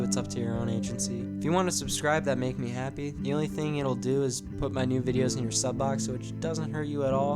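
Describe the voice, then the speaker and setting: A man giving frank, opinionated, easygoing commentary for his video channel. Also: medium pitch. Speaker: YouTube commentator.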